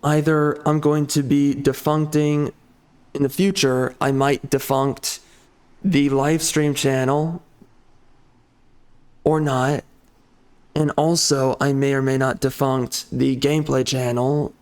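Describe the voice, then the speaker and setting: A man hosting a gaming channel, venting in an angry, profane rant with halting restarts and frequent swearing. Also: mid-range voice, level tone, darkish tone, smooth. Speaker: gaming channel host and author. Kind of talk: frustrated rant over gameplay.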